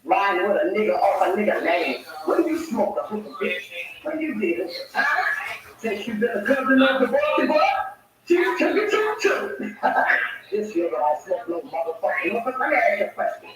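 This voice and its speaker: A speaker delivers a taunting, profane tirade that swings from low mutters to outright shouts. The voice sits some distance from the mic in a heavily echoing room. Clear background noise runs under it. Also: big pitch swings, moderate pace. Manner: taunting, mocking, repeated insults. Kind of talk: profane insulting rant. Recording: very echoey, distant, noisy.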